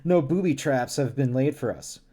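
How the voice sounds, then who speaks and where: Commanding male starship captain, quick crisp orders, read by a male streamer. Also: medium pitch, animated, mellow, natural voice.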